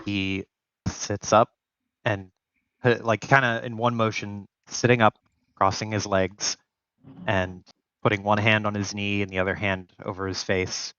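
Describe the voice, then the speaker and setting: A man's voice: on the low side, measured pace, clean tone, dry recording, highs cut off. A man running a tabletop role-playing game, narrating scenes loosely with lots of fillers and voicing side characters. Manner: relaxed, filler-heavy narration. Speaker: game master.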